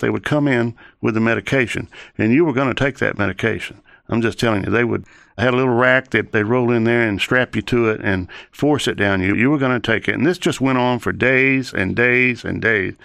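A man's voice: mid-range voice, vocal fry, a bit bright, no room sound. A man giving an earnest personal testimony in an interview, telling his story in long chained sentences.

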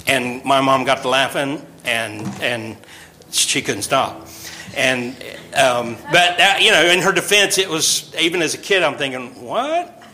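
Bright-voiced joking preacher man. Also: mid-range voice, rough recording. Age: over 40. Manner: chatty, joking, quick laughs between points. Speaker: pastor. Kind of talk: informal sermon with jokes.

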